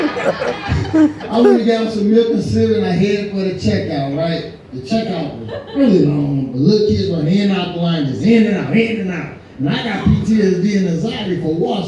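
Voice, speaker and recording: An older man telling a stand-up comedy story, animated and laughing at his own punchlines. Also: high-pitched. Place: American Legion hall, live show. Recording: echoey hall, mic heard from far.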